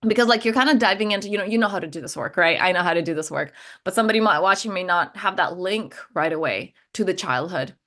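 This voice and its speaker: A woman's voice: lowish voice, expressive, fast talker, few pauses, fairly bright tone. A middle-aged woman coach chatting candidly and animatedly over a video call, with many fillers and easy laughs. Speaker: transformation coach. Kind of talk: casual spiritual conversation.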